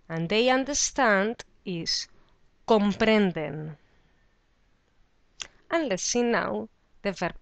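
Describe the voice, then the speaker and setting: A woman teaching a beginner Spanish lesson, explaining verb endings in a scripted way and saying the example words slowly and clearly. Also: lowish voice, a bit bright, no room sound. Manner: clear, slow model pronunciation of example words.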